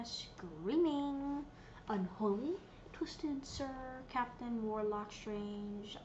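A woman's voice: mid-range voice, muffled recording, a little hiss or hum. A woman giving casual, playful commentary while she plays a video game, giggling and reading menu options aloud. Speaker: gameplay streamer.

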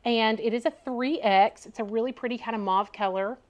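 A woman's voice: on the high side, brisk. A woman chatting casually at home while she unboxes and tries on clothes. She talks in a loose, chatty way, laughs often and fills her speech with "like" and "y'all". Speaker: fashion vlogger.

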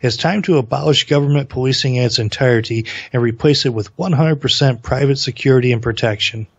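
A man's voice: mid-range voice, fast, slightly rough, no echo, muffled recording. A male co-host in casual political chat who talks earnestly and reads quotes aloud.

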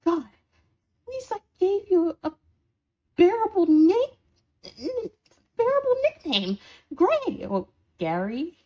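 A woman's voice: on the high side, very animated, slow pace, a little mellow, lo-fi sound, heavily acted. A woman voicing a sarcastic, scolding horned demon in an audio role-play for a listener. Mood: mocking sarcasm. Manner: sarcastic, scolding, dramatic swings.

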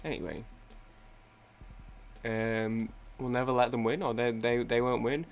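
A man's voice: medium pitch, fairly even intonation, unhurried, long pauses. A young man rambling casually while playing a video game, swearing and often cutting himself off mid-sentence. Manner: rambling, self-interrupting, swears freely. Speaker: gaming YouTuber.

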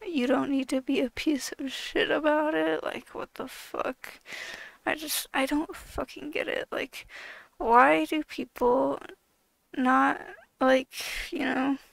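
A woman's voice: high-pitched, fairly even intonation, slow, gravelly, no echo, poor audio. A woman YouTuber ranting in a casual vlog, exasperated and swearing heavily, with lots of filler words.

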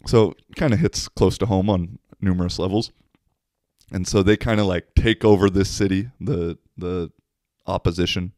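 A laid-back American man hosts his podcast, telling casual stories full of swearing. His voice is low and deep. The sound is dry and close, with no room echo. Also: steady tone, normal speed, a little mellow. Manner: profane, laid-back storyteller. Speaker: podcast host. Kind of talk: casual storytelling monologue.

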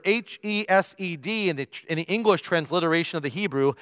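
A man's voice: high-pitched, lively intonation, moderate pace, hardly any pauses, dry recording, big-room sound. A male pastor preaching a sermon, telling stories with emphasis and stretching out the key phrases.

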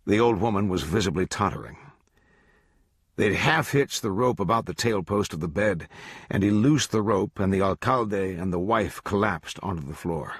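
Man, audiobook narration, low voice, husky, steady measured reading, dry close sound. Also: no echo. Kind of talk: scripted narration.

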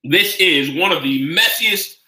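A man hosting a casual live cooking stream, chatting with his viewers in a rambling way and gushing with excitement as he eats and talks. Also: a little high, unhurried. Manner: gushing with excitement while tasting. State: eating while talking. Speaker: home cook streaming live. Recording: roomy, echoing room sound.

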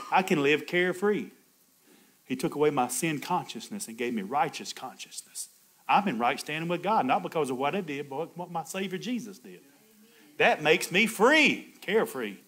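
Preaching pastor, higher male voice. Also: fairly bright tone, slightly rough. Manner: call-and-response preaching, laughs between points. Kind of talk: sermon.

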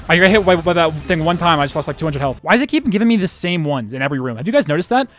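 A young man streaming a game live, talking excitedly to chat and swearing often. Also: a little high, very fast, hardly any pauses, soft background music. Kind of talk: live gameplay commentary.

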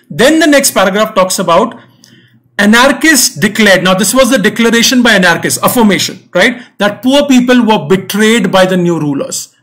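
A young man with a fairly high voice leads an online exam-prep class. He works through a reading passage patiently, repeating key points. He keeps checking that students follow along. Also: a bit bright. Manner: patient, repetitive explaining with frequent "right?" and "okay?" checks.

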